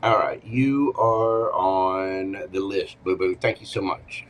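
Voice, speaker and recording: A man's voice: sits low, slow pace, hardly any pauses, a little hiss or hum, poor audio. A man hosting a casual live tarot reading, chatting to viewers and talking to himself as he shuffles cards at home. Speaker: tarot reader.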